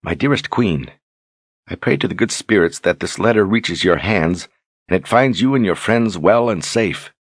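A man voicing a young queen who reads a grave letter aloud, solemn and measured, in a storybook reading. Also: sits low, expressive, breathy edge, no room sound, studio quality.

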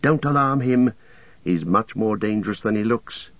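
A man reading an audiobook voices a cautious, firm young male hobbit in a hushed, steady way. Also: on the low side, moderate pace, no room sound, dull audio. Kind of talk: audiobook character voice.

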